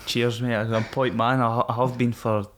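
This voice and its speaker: Scottish guy chatting on a podcast, swears a lot, laughs stuff off, mid-pitch voice. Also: level tone, moderate pace, a bit bright. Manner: frank, swears often, laughs things off. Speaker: podcast guest, former Royal Marine. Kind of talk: casual storytelling.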